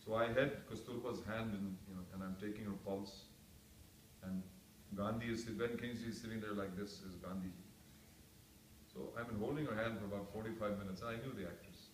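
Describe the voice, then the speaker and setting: A man's voice: on the low side, steady tone, brisk. A man who is an actor, telling anecdotes to a reunion audience in a chatty, self-mocking way full of asides. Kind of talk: casual anecdotal storytelling. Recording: echoey room, distant mic, faint background noise.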